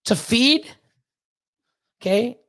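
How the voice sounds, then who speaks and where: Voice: mid-range voice, lively intonation, very slow, a bit bright. Livestream host, reptile breeder; blunt, profane, heated, restarts a lot. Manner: emphatic repeated pleading. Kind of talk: casual livestream talk to chat.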